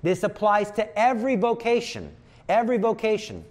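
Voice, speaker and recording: A man's voice: high-pitched, big pitch swings, normal speed. A man giving a conversational retreat talk, acting out inner voices as he explains. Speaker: retreat speaker.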